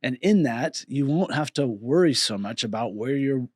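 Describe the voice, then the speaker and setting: A man with a mid-range voice reflects in a relaxed church discussion. He thinks things through aloud in an animated, earnest way. The sound is dry and close-miked. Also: medium pitch, moderate pace, dry recording. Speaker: church teaching team member.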